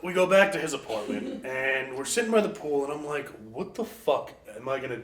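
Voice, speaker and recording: A man telling a wild story as an interview guest, animated, acting out quoted voices and laughing often. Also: mid-range voice, brisk, echoey room. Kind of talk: casual storytelling.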